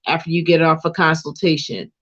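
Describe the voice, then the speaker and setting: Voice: mid-range voice, fairly even intonation, a little fast, a bit bright. Earnest counselor on dull lo-fi audio. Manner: earnest, repeats lists of words. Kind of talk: casual chat.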